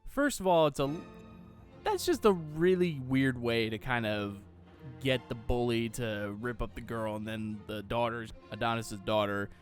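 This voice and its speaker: A man's voice: mid-range voice, unhurried, soft background music. A young man from Austin, Texas giving a sarcastic, exasperated solo movie rant, swearing freely. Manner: mocks dialogue in silly voices. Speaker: movie reviewer. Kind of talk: ranting solo commentary.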